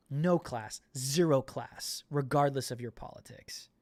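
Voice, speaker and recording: A man's voice: medium pitch, a little slow, darkish tone, no room sound. A man hosting a political commentary podcast, talking in an indignant, emphatic way and often repeating words. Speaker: podcast host.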